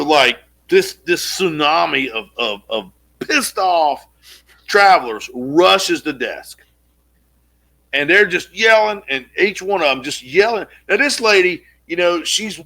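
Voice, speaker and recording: Man, podcast co-host, gravelly voice, bright tone, animated storytelling, casual swearing. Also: medium pitch.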